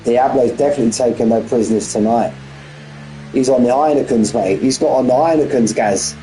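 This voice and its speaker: A man's voice: medium pitch, a little fast, warm tone, slight background noise, rough recording. A man commentating a sim race on a live stream, bantering with viewers and often repeating himself.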